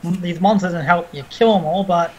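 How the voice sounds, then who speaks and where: A man playing a tabletop game, speaking in a hesitant, halting way. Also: sits high, a little mellow, slightly rough, dull audio. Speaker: player. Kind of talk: casual tabletop play.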